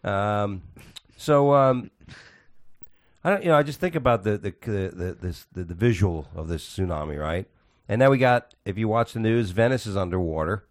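A man's voice: on the low side, animated, normal speed, no room sound, studio quality. A man hosting a casual podcast chat, rambling with restarts and swearing often.

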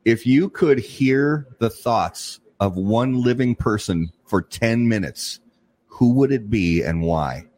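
A man's voice: medium pitch, expressive, takes it slowly, darkish tone. A man hosting a casual podcast chat, joking and sarcastic as he asks questions. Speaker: podcast host.

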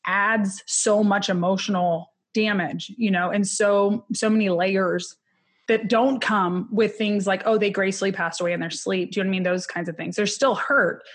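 A woman's voice: mid-range voice, fairly even intonation, slightly rough. A woman in her thirties, an interview guest telling a personal story candidly, with many fillers. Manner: candid, emotional, with many fillers and quick laughs.

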